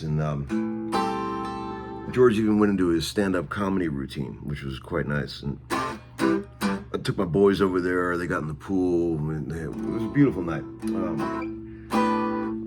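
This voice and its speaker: Deep-voiced man rambling in a vlog. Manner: rambling, warm-hearted, many fillers. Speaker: guitarist hosting his own video channel. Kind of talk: casual spoken video update.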